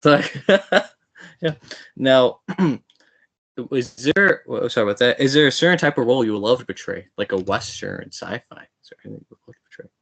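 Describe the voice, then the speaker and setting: A man's voice: medium pitch, lively intonation, fairly quick, gravelly, fairly bright tone, no room sound. A man hosting a podcast, chatting casually with a guest and laughing often. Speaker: podcast host. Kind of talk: casual interview chat.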